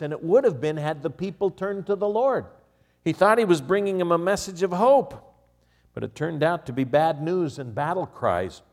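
A man preaching a sermon, swinging from quiet asides to raised, emphatic passages and chuckling at his own jokes. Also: medium pitch. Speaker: pastor.

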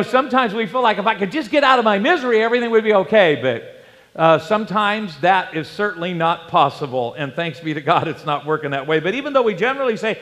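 A man's voice: on the high side, a bit bright, long reverb tail. A man preaching a sermon, telling a personal story in a conversational way and acting out the dialogue. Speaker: pastor.

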